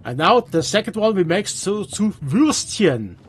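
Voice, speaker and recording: A man with a Swiss German accent, a native Swiss German speaker, giving halting gameplay commentary in English with many restarts. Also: sits high, a little hiss or hum. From Switzerland. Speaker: let's player.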